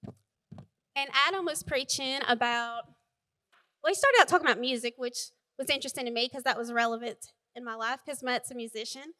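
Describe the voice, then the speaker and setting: A woman's voice: a little high, normal speed, pushed and bright. A woman giving a chatty, heartfelt personal testimony at church. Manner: chatty and heartfelt, apologizes for talking long.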